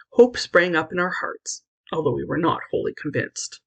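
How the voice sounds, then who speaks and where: A woman reading a classic children's novel aloud in an expressive, lively narration. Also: deep voice, moderate pace, gravelly, hardly any pauses, breathy edge, low-quality recording. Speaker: audiobook reader. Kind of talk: scripted storybook narration.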